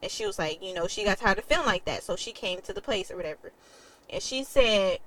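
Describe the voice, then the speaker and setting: A woman's voice: medium pitch, fast talker, fairly bright tone, poor audio. Candid young woman telling her story. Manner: candid and emotional, swears freely; quotes others in a changed voice. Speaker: vlogger. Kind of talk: casual storytelling.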